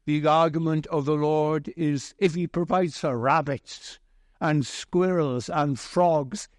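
Guy preaching a sermon real slow, kinda high voice, dry close sound. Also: no echo. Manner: slow, deliberate preaching with a gentle humorous story.

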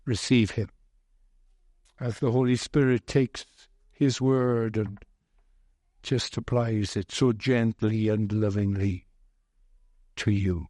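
A man preaching a sermon as pastor, earnest and heavy with repetition and pauses. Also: medium pitch, steady tone, mellow, no room sound, clean studio sound.

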